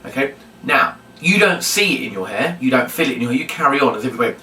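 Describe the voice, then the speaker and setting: In a fast, expressive, sharp-toned mid-range voice, a puppetry instructor runs a demonstration tutorial on a puppet routine. He chats and explains, repeating reminders frequently. The recording is roomy and distant, with a little hiss or hum.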